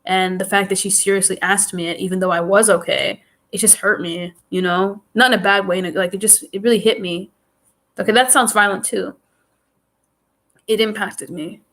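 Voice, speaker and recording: A woman's voice: medium pitch, steady tone, normal speed, a bit bright. Chatty stuffy-nosed woman rambling on a live stream. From New York. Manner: chatty, rambling, restarts sentences often. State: stuffy, runny nose.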